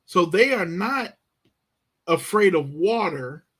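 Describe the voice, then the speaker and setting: A man's voice: high-pitched, lively intonation, fairly bright tone, breathy edge. A man teaching Bible Greek, reading verses and explaining the verb tenses with emphatic, dramatic delivery. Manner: slow, emphatic, acts out the disciples' panic.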